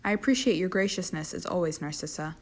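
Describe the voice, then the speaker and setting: Woman reading leering older nobleman, smooth, smirking, lowish, storybook. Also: animated, quick pace. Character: sly, leering older aristocratic man.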